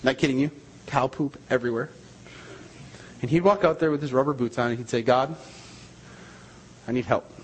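A man's voice: mid-range voice, fast talker, pauses often, slight background noise, low-quality recording. A man, a missionary, preaching a sermon and telling a story in an emphatic, repetitive way.

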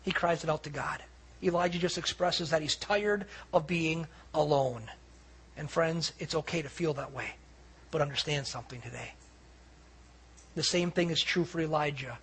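A male pastor preaching a sermon, telling stories with animated acted-out quotes. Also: fairly high pitch, moderate pace, breathy edge. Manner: animated storytelling preacher, acting out quoted voices.

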